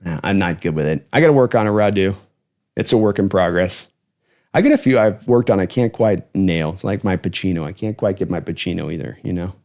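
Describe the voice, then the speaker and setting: A man's voice: sits low, brisk, a little mellow. Chatty man hosting a sports livestream. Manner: rambling, chatty, thanking donors. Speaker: host of a football fan channel livestream. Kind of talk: casual livestream commentary.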